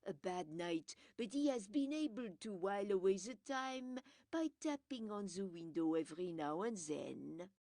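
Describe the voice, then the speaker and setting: A woman voicing a fussy, self-assured older male detective who explains things in a brisk, lecturing way. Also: medium pitch, expressive, dark tone, no room sound, clean studio sound, close to an everyday voice. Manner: brisk, lecturing, pleased with himself.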